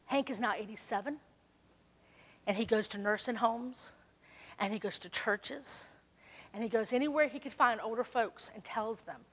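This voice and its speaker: A woman with a Southern US accent telling a story in an animated, conversational sermon. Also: on the high side, measured pace, long pauses, breathy edge. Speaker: speaker. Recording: reverberant hall.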